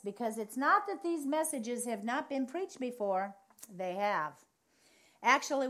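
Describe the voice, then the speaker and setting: A woman preaching a charismatic sermon, telling lively stories and repeating phrases for emphasis. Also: fairly high pitch. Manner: animated storytelling, acts out other people's reactions.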